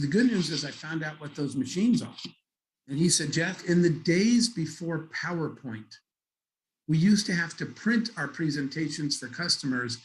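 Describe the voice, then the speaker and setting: A man's voice: on the high side, a bit bright, rough recording. A middle-aged man giving a keynote talk, telling a story and acting out the dialogue. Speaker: keynote speaker. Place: conference stage.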